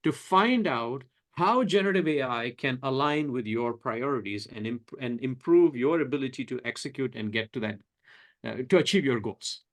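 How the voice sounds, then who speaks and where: A man's voice: medium pitch, lively intonation, moderate pace. A man moderating a webinar panel discussion, asking provocative questions in a rambling way and often repeating words as he thinks.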